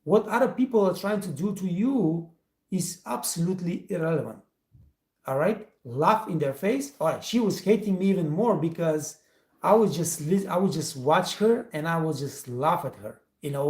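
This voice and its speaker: A man with a mellow, dark voice tells a motivational story to his viewers. He is emphatic and addresses them directly, and his English has non-native phrasing. His voice sits in a roomy, echoey space. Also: sits high, animated, measured pace. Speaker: host, restaurant trainer.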